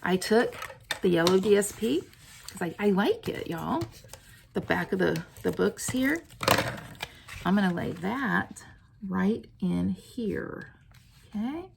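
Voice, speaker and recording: Chatty woman with a gravelly edge. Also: medium pitch, takes it slowly, pauses often, background noise. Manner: chatty and excitable, cooing over her work. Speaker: stamping crafter demonstrating a card. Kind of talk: casual craft tutorial.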